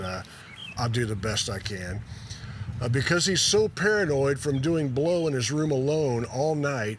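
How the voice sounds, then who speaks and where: A laid-back man of middle pitch relaxes into a story, reading passages from a memoir in a casual, self-deprecating way. There is a faint hum of the room behind him. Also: fairly bright tone. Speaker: host telling a story.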